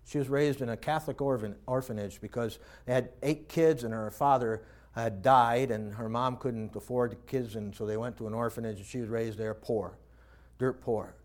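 A man preaching a sermon, telling stories in a folksy way and moving between quiet reflection and loud, animated points. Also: mid-range voice, normal speed. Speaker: pastor.

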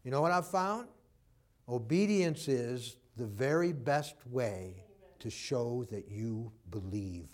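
In the middle of a sermon, a preacher shares a personal story in a relaxed, conversational way, performing the voices of the people he quotes. His mid-range voice is expressive and moves at a slow pace.

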